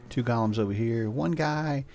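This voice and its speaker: In this casual let's-play, an older man talks at a moderate pace in a mid-range, slightly mellow voice. He rambles chattily and coos at his pets, with faint music in the background.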